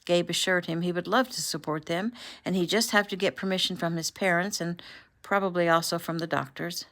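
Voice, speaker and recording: A woman reading her own novel aloud at home, relaxed and informal, as if sitting in the room with you. Her voice sits on the low side, and she clears her throat now and then. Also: fairly quick. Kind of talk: casual audiobook narration.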